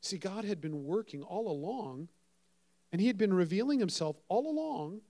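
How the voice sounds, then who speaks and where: A man preaching a sermon, telling a story with dramatic swings between loud and soft and acting out the voices he quotes. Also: high voice, expressive, normal speed. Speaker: pastor.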